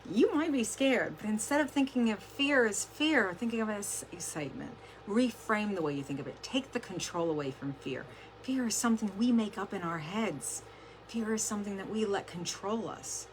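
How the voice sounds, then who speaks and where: A woman's voice: mid-range voice, expressive, moderate pace, slight background noise. A woman giving a casual motivational talk to her team on a livestream, chatty and peppered with "like" and the odd swear word. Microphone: camera close up, adjusted during stream.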